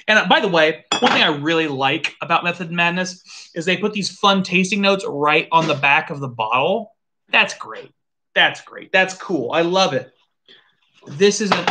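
Brief: lively tasting-show host, bright tone, offhand swearing, thinks out loud. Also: mid-range voice. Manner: animated, swears casually, thinks aloud. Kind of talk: casual live tasting chat.

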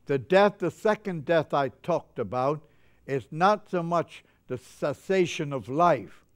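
An older male preacher delivers a chapel sermon with fervent, joyful energy that runs away with him. His voice sits a little high for a man. It stays smooth and resonant throughout. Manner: fervent, gets carried away with joy.

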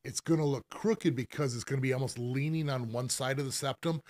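A middle-aged man at a mid pitch, talking shop about piercings on a casual live stream. He explains things loosely and patiently, with fillers and restarts as he goes. The sound is dry and close, with almost no room. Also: fairly quick, a little mellow, dry recording. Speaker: professional piercer hosting a live Q&A.

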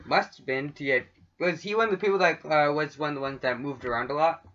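A man's voice: on the high side, a bit bright, muffled recording. A Canadian man co-hosting a podcast, joking around in goofy casual chat. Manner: goofy, quick to joke. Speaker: podcast co-host.

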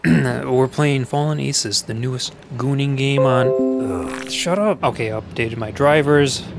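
A man's voice: mid-range voice, measured pace, creaky. A man giving goofy let's play commentary, giggling and yelping at the game. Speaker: gaming commentator. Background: game music.

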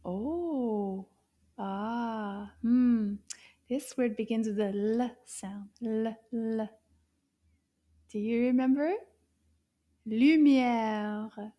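A woman teaching a children's language lesson in a gentle, encouraging way, drawing out sounds. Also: fairly high pitch, extremely slow, dull audio.

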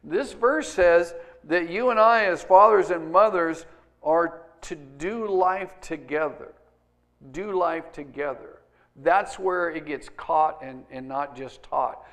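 Male pastor, slightly high voice, conversational sermon, swings from quiet to loud. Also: slow. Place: church sanctuary.

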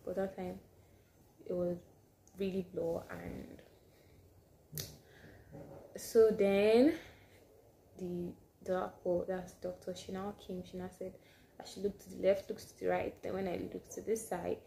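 Animated woman vlogger. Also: on the low side, a little slow, gravelly, pauses often, slight background noise. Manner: animated, drops to hushed asides. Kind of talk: casual storytelling to camera.

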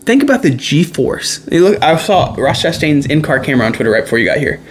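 Guy hosting a racing podcast, kinda high voice, gets all worked up telling stories. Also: fast, a little hiss or hum. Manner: excitable storyteller, often laughing. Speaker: podcast host. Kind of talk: casual chat.

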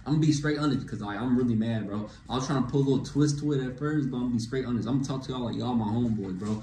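A young man ranting to camera with dating advice, animated and slangy, tossing in "bro" after nearly every phrase. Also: medium pitch, rapid-fire, a little hiss or hum. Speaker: vlogger giving dating advice. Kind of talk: casual rant to camera. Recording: echoey room with faint ambience.

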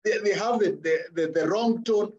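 A man leads a personal branding seminar in a relaxed, conversational way. His voice sits a little higher than most men's. He keeps the talk lively with funny everyday examples. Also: normal speed, lo-fi sound. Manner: lively storytelling with humorous examples.

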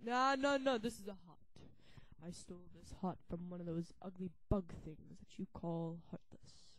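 A woman's voice: fairly low pitch, moderate pace, dry recording, pitched below the performer's own voice, natural voice, low-quality recording. A woman voicing a grumpy, domineering old male professor in a fan comedy dub of a game, scolding and indignant.

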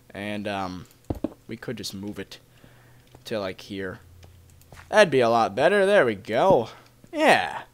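A man's voice: medium pitch, noisy background. A young man giving casual, chatty commentary as he plays a video game, talking to his viewers. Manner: chatty, excitable, talks to viewers. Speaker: Let's Play gamer.

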